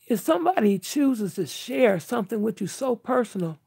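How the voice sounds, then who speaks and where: A woman's voice: fairly high pitch, lively intonation, moderate pace, creaky, dark tone, breathy edge, dry recording. An older woman talking candidly to her viewers in an earnest, emphatic, outspoken way. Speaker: vlogger.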